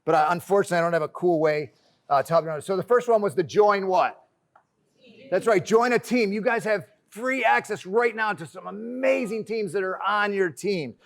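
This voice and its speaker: A man with a high, bright-sounding speaking voice delivers a lively motivational keynote from a conference stage. He jokes with the crowd and keeps calling them friends. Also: fairly quick, creaky. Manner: energetic and joking, addresses the crowd as friends. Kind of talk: motivational talk to a live audience.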